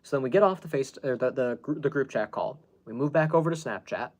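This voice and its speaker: A man's voice: mid-range voice, quick pace. Rambling male podcast host. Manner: rambling, with many fillers and restarts. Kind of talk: casual storytelling chat.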